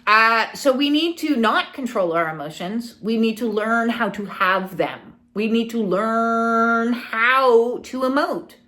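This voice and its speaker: A woman's voice: on the high side, slow pace, few pauses. A middle-aged woman spiritual coach talking casually, acting out little scenes and quoted voices as she teaches. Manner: animated, acts out quoted people.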